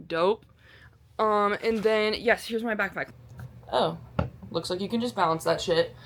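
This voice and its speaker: A woman's voice: medium pitch, measured pace, a bit bright, a little hiss or hum. A woman vlogging in a casual, rambling way, bubbly and self-deprecating, swearing freely and using a lot of slang. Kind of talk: casual chatty vlog.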